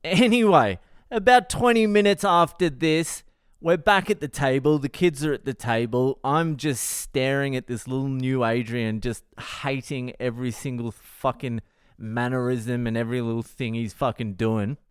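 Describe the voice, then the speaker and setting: A comedian hosting his own podcast delivers a solo storytelling monologue, profane and exasperated. His medium-pitched voice is clear and resonant at a normal pace, captured in a dry, studio-quality recording.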